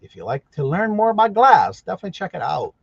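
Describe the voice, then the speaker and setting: A man's voice: high-pitched, big pitch swings, fast, vocal fry, slightly rough, no echo, muffled recording. A man hosting a casual morning livestream, greeting viewers by name and rambling in a folksy, self-correcting way. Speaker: livestream host. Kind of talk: casual live-chat morning show.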